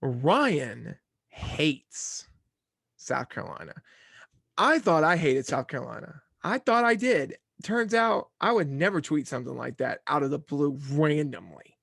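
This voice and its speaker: A man's voice: on the high side, sing-song, a little slow, creaky, a bit bright, husky, dry recording, clean studio sound. A young man hosting a casual sports podcast, talking in an easygoing, rambling way. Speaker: podcast host.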